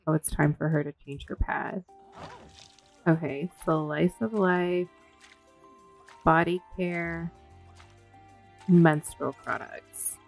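A woman commentating casually on her own gameplay, gasping and voicing the characters in quick asides. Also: low-pitched, gravelly, soft background music, rough recording. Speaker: gameplay streamer. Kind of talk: casual let's-play commentary.

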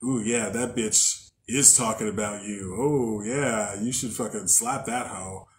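A man voicing his own ego mind as a sly tempter, speaking low and coaxingly. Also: unhurried, slight background noise, close to an everyday voice.

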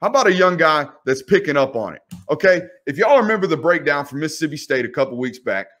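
Young guy breaking down football film, animated and ribbing players, voice bouncing up and down. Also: fairly high pitch, fast talker. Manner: animated, teasing, rhetorical questions to players. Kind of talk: casual video commentary.

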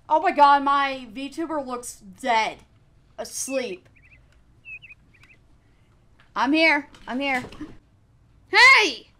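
A young woman streamer chatting excitedly over gameplay, giggling and squealing often. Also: on the high side, a little hiss or hum. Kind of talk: casual gameplay commentary.

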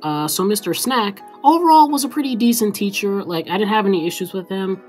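A woman's voice: mid-range voice, expressive, brisk, darkish tone, soft background music. A woman vlogger telling a casual story time, rambling and full of fillers.

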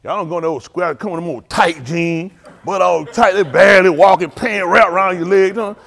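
A man's voice: high-pitched, moderate pace, gravelly, a bit bright. A man preaching as a pastor, talking loosely and teasing his congregation in slang. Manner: playful, teasing, drawling street slang. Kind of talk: loose joking sermon talk to a congregation.

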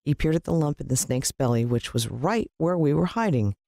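A brisk, creaky-voiced narrator expressively reads a children's adventure story, with the pitch leaping in dialogue lines. The sound is clean studio audio with no room sound.

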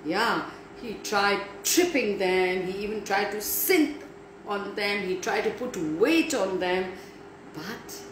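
Slow, animated woman storyteller. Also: mid-range voice. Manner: animated, talks to listeners directly. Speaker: children's storyteller. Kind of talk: storytelling for children. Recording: echoey room, faint background noise.

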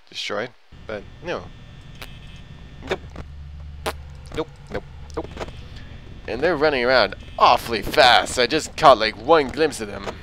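A man's voice: lowish voice, sharp tone, slight background noise, rough recording. A man hosting a gaming video, joking and rambling crudely as he plays. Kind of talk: let's play commentary.

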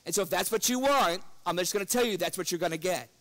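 A man's voice: fast, fairly bright tone, slight background noise. A man preaching an evening church lesson, earnest, reading scripture with rising force and chuckling through personal stories. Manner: earnest, rises in pitch and force when quoting scripture; breaks into chuckles while telling stories.

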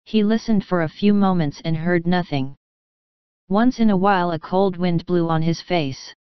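A woman reads a bedtime storybook in a gentle voice and speaks to the children now and then. Her voice is low and very clear. The recording is dry and slightly muffled. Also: moderate pace, no echo. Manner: gentle, addresses the children directly. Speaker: audiobook narrator. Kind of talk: scripted storybook narration.

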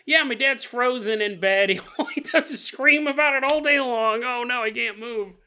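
A man's voice: high voice, animated, normal speed, sharp tone, full character voice. A man doing a matter-of-fact teen girl.

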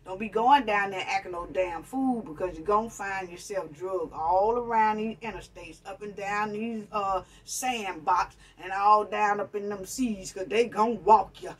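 Woman from New York, blunt profane rant, husky voice recorded from a distance. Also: medium pitch, measured pace, hardly any pauses. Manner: blunt, profane, preachy, addresses viewers as family and honey. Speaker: commentary vlogger. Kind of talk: ranting commentary.

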